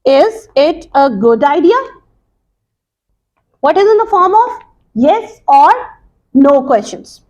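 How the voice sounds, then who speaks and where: A woman English teacher explaining a lesson to students, slowly and deliberately, with many pauses and repeats. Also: sits high, big pitch swings, darkish tone, highs cut off. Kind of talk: recorded classroom lesson.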